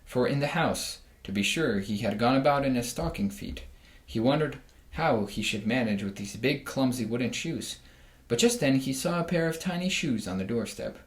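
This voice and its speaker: A man reads a children's storybook aloud at an easy, measured pace, with a voice pitched in the middle range. The room around him is echoey. He livens up the reading with voices for the animals. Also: expressive.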